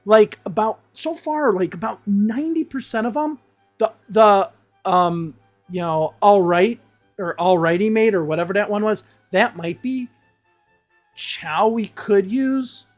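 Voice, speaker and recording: A woman's voice: mid-range voice, lively intonation, unhurried, faint music behind. Blunt, exasperated woman teacher. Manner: blunt, exasperated, swears freely. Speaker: English teacher. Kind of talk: casual reaction commentary.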